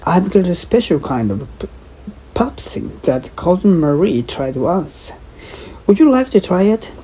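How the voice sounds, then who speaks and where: A woman's voice: lowish voice, sing-song, measured pace, mellow, a little hiss or hum, voice pushed up. Woman reading as an earnest young woman.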